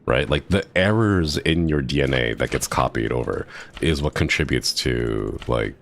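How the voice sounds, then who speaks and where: Super low voiced guy rambling on stream, gravelly, goes off on tangents. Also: moderate pace, a little hiss or hum. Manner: rambling, chatty, excitable tangents. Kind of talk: casual chat while gaming.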